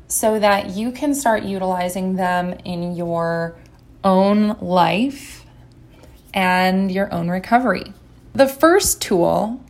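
A woman giving a gentle, encouraging instructional talk as a recovery coach. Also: mid-range voice.

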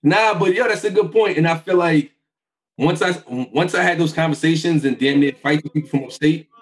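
A man's voice: fairly high pitch, a little fast, low-quality recording. A man from Brooklyn, New York, hosting a casual chat in an easygoing, reflective manner.

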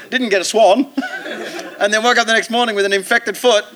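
A man's voice: high voice, steady tone, moderate pace, background noise. An Australian man, a comedian guest telling a rowdy, sweary anecdote on a live podcast stage, laughing as he talks. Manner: rowdy, sweary, laughing through his story. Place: theatre stage before an audience.

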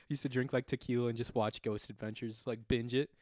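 A man's voice: mid-range voice, steady tone, fairly quick, a little mellow, dry recording, studio quality. A young man co-hosting a casual podcast, swearing freely and acting out quoted voices as he tells stories. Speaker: podcast co-host.

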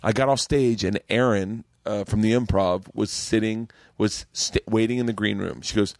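A man, a comedian, telling a long story in casual podcast chat, swearing freely and getting animated. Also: fairly low pitch, moderate pace, gravelly, hardly any pauses, no echo, studio quality. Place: podcast studio.

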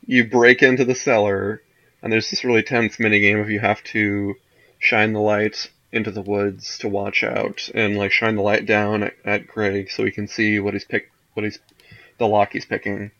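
Man, low voice, halting casual chat, dull lo-fi recording. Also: little pitch movement, a bit bright. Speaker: podcast co-host discussing a video game.

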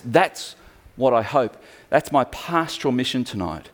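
A male pastor preaching a sermon, telling stories with animated emphasis. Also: medium pitch, measured pace.

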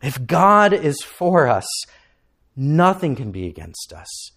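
A male pastor delivering a sermon in a fairly high voice. He speaks slowly and deliberately. His pitch swings widely, rising to impassioned peaks before sinking to a hushed close. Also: very animated. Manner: impassioned, climbing to emphatic peaks, then dropping low and quiet.

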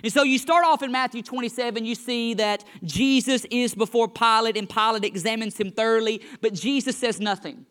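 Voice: mid-range voice, steady tone, a little fast, hardly any pauses, fairly bright tone, smooth. A Bible study teacher reads a passage aloud, then walks back through it in their own words. The retelling grows livelier as the story builds. There is a light, joking touch in the asides.

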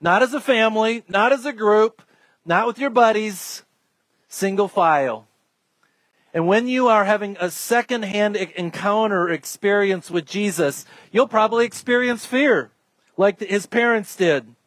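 A man's voice: high-pitched, unhurried, fairly bright tone, no echo. A man preaching a sermon as a pastor, emphatic and repeating his key phrases.

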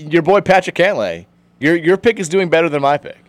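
Man, twenties, sports radio host, casual chat, rapid delivery, rambling fillers. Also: fairly high pitch, expressive, no room sound. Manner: rambling, filler-heavy, quick.

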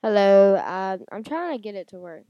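A woman's voice: medium pitch, big pitch swings, normal speed, no room sound, highs cut off. A woman hosting her own casual podcast. She chats loosely and rambles, with lots of fillers and restarts. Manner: rambling, chatty, many fillers. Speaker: podcast host. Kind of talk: casual solo podcast chat. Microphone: handheld audio recorder.

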